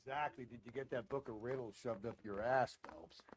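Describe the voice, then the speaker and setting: Brash sarcastic detective partner in a crime game, gruff, bit of noise behind, a man acting it. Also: medium pitch, steady tone, brisk, lightly acted. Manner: gruff, mocking. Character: brash middle-aged male detective, sarcastic. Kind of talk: video game cutscene acting.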